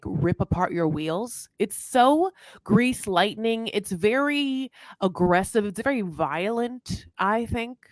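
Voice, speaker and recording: A woman's voice: medium pitch, dry recording, studio quality. A woman co-hosting a TV recap podcast, chatting casually with playful sarcasm and jokey asides. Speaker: podcast co-host.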